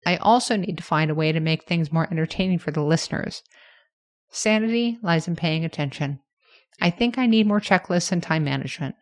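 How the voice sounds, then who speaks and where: A woman hosting her own podcast, talking through her plans in a candid, self-reflective, measured way. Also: fairly low pitch, expressive. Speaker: podcast host. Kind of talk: reflective solo podcast monologue.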